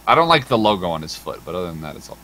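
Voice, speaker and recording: Man, casual gaming livestream host, bright ringing voice, very animated pitch, swears and laughs, faint background hiss. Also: very fast. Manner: animated, swearing, laughing, does squeaky impressions while retelling videos.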